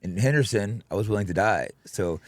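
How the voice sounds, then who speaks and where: Fast-talking low-voiced man. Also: expressive, no room sound. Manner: blunt, matter-of-fact, profane. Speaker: podcast host. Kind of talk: casual podcast chat.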